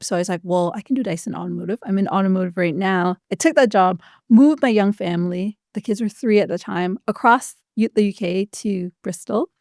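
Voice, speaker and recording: A woman's voice: medium pitch, warm tone, no room sound, clean studio sound. A woman in her thirties, a podcast guest talking casually and chattily, full of "like" and acted-out quotes. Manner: chatty, quick, lots of likes and quoted dialogue. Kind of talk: casual interview chat.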